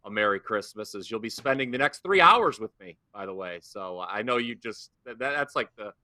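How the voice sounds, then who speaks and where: A man's voice: fairly low pitch, expressive, normal speed, pushed and bright, dry recording. A man who is a guest handicapper on a betting show, teasing the host with dry sarcasm. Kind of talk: casual sports betting talk.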